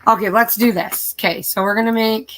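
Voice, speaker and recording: A woman's voice: fairly high pitch, steady tone, a little fast, a bit bright. A middle-aged woman hosting a casual craft live stream, chatting and listing her projects aloud in a tired, easygoing way. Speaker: craft channel host.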